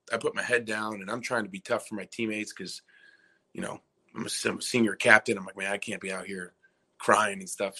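A young former college basketball player, appearing as a guest in a casual storytelling interview, speaks in a bright but lowish voice. He rambles, retelling scenes by quoting himself and other people.

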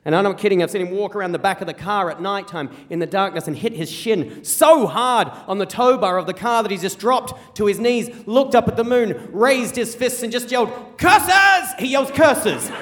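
An Australian man with a high voice tells a comic story live on stage at a rapid clip. He is animated and repeats his lines for effect. His voice carries into a long hall reverb. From rural South Australia. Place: theater stage before a live audience.

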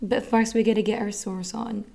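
Woman host, casual history talk, rambly, swears, fillers galore, highish voice. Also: fairly even intonation, moderate pace, gravelly, mellow. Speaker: podcast host.

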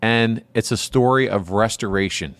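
A man's voice: fairly low pitch, moderate pace, fairly bright tone, no room sound. A man co-hosting a podcast interview, speaking in a supportive, reflective way. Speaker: co-host.

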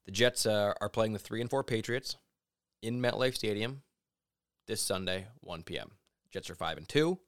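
Guy cohosting a sports podcast, kinda low voice, opinionated, gets animated. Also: moderate pace. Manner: animated, opinionated, mimics people in asides. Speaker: podcast co-host. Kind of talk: casual sports podcast chat.

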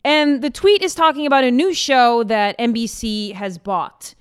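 Chatty woman podcast co-host, higher voice. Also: normal speed, clear, resonant tone. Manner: playful, teasing, chatty. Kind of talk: casual podcast banter.

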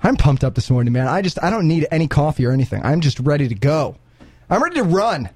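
Excitable, lively male radio host. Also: fairly high pitch, quick pace, no echo. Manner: excitable, joking. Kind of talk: casual morning show banter.

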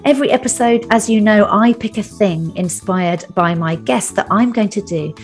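A woman's voice: mid-range voice, moderate pace, faint music behind. A woman hosting a podcast, making wry joking asides between questions and in her outro. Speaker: podcast host.

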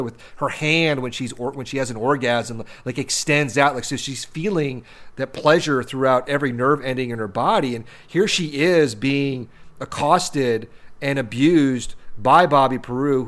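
Man, film podcast co-host, rambling, restarts a lot, middle pitch. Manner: rambling, many restarts and repeated words. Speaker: podcast co-host discussing films. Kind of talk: casual film discussion.

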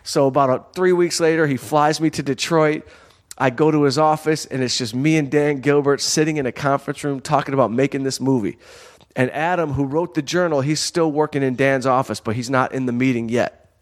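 A man's voice: mid-range voice, fairly even intonation, a little fast. A man from Michigan telling a long story in a casual, rambling way, full of "you know" and "like.". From Southfield, Michigan, USA.

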